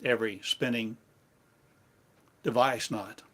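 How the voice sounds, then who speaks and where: A man giving a slow, meditative sermon in halting, repetitive phrases, like an incantation. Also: medium pitch, steady tone, a bit bright. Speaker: spiritual teacher.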